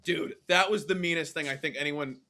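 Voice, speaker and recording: A podcast co-host with a high-pitched, bright voice. He tells stories in an animated way and acts out the other people's lines with loud exclamations. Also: brisk. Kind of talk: casual sports-betting podcast chat.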